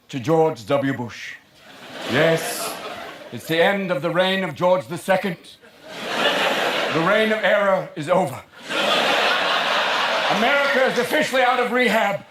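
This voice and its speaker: A man doing a stand-up routine, manic and jumping into shouted character voices on a theater stage. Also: fairly high pitch, normal speed, pauses often, very noisy. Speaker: stand-up comedian. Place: large theater stage with audience. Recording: echoey live theater recording, loud crowd.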